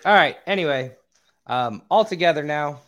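A man hosting a casual podcast who stumbles over names and swears now and then, with a voice he calls squeaky. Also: lively intonation, moderate pace, a bit bright. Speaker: podcast host.

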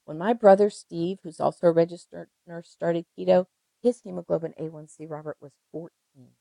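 A woman's voice: fairly low pitch, moderate pace, vocal fry, dry recording, poor audio. Emphatic older woman nurse. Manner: emphatic, animated storyteller with repeated phrases. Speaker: registered nurse guest. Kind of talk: conversational interview.

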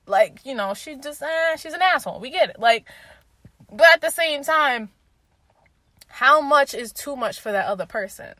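A woman's voice: sits high, moderate pace, long pauses, no echo. Young woman talking candidly, dry close mic. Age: 20s. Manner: candid, profane, animated storytelling with quoted voices. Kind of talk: casual opinion talk.

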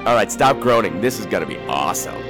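Animated, campy male podcast host. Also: fairly low pitch, quick pace, music in the background. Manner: animated, profane storytelling; campy, theatrical delivery. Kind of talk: casual monologue.

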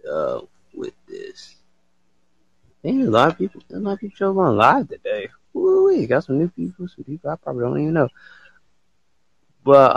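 Gravelly, lively man hosting a live stream. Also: mid-range voice, no room sound. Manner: laughs a lot, excitable, slangy. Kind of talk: casual live stream chat.

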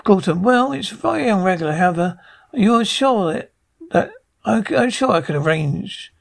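A man's voice: high-pitched, lively intonation, normal speed, vocal fry, full character voice. A man voicing a blustering military prison commandant who stumbles over his words in an amateur script reading. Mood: flustered. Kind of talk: amateur script read-aloud.

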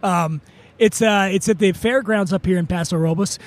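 High-voiced teasing man at a festival. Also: moderate pace. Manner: teasing, jokey. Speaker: podcast host. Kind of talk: casual on-site interview. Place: outdoor beer festival. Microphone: handheld mic.

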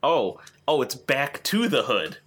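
A man's voice: mid-range voice, very animated, measured pace, a crowd in the background. A man co-hosting a podcast, chatting casually and riffing with jokes. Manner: jokey, riffing. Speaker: podcast co-host. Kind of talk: casual chat.

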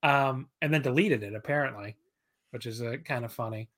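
A man in his thirties, a guest on a podcast, talking in a relaxed, rambling, self-deprecating way with plenty of fillers. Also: mid-range voice, fairly quick. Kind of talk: casual podcast chat.

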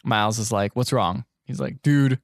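A man's voice: medium pitch, expressive, fairly bright tone, no room sound, studio quality. Profane man recapping a movie. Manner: profane, acts out characters in quick voices. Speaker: podcast co-host. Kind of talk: casual chat recapping a movie.

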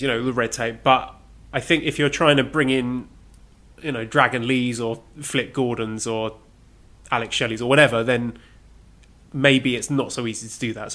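A man co-hosting a casual podcast chat, measured and dry in his humor. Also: mid-range voice, a bit bright. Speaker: podcast co-host.

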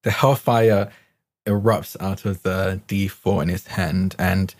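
A man's voice: sits low, steady tone, takes it slowly, darkish tone. A man playing a tabletop game, describing his character's transformation in a chatty way, laughing and searching for words. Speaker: player.

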